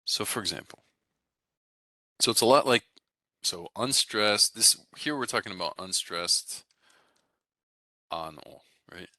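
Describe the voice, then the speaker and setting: A man's voice: fairly low pitch, lively intonation, unhurried, pauses often, sharp tone, no room sound, studio quality. A man teaching a language class, explaining pronunciation rules in a casual, rambling way with many fillers and restarts. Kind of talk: recorded class lecture.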